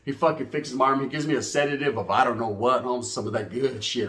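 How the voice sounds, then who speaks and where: A man's voice: medium pitch, fast, hardly any pauses, a little hiss or hum. A man from California, telling a comedic street story with heavy slang and acting out every character. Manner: animated, acts out voices, heavy Chicano slang. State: out of breath.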